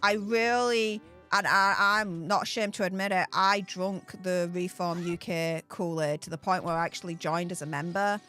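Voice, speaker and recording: A woman with a Yorkshire accent who hosts the channel. She chats excitedly about politics while playing a video game and laughs often. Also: fairly low pitch, moderate pace, few pauses, smooth, faint music behind. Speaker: channel host. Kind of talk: casual gaming commentary with political chat.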